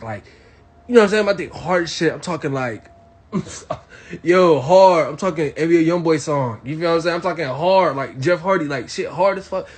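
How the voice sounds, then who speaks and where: A young man from Miami telling a crude story to his live audience, animated and swinging between loud bursts and hushed asides. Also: fairly high pitch, normal speed, breathy edge. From Miami, Florida. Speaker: livestream host.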